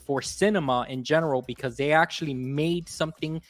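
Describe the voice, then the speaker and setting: A man hosting a casual gaming podcast, talking in an animated, friendly way. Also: on the high side, a little fast, dry recording. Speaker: podcast host. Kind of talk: casual chat.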